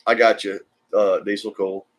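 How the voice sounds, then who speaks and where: A man's voice: fairly low pitch, flat delivery, moderate pace. A man, co-hosting a live stream and chatting casually about movies while reading viewer comments.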